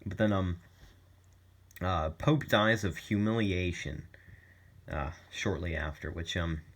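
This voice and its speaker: Dude with a really low voice, casually rambling thru a summary, lots of ums. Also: male voice, slow pace. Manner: rambling, irreverent, many fillers. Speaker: student.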